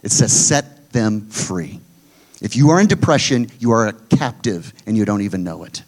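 Middle-aged man, pastor, sermon delivery, forceful emphasis with quiet low drops. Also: lively intonation, moderate pace. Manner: emphatic preaching, swinging between loud high pushes and low quiet drops.

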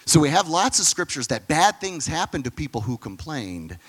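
A man's voice: on the high side, big pitch swings, normal speed, breathy edge, in a large hall. A man giving a conversational sermon as a pastor, acting out bits of dialogue in different voices.

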